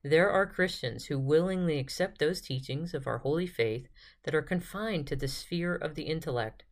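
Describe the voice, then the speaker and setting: Calm woman reading a devotional text. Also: deep voice, moderate pace. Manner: calm, steady reading aloud of a spiritual text. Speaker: podcast host and retreat guide. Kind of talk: devotional podcast reading and prayer.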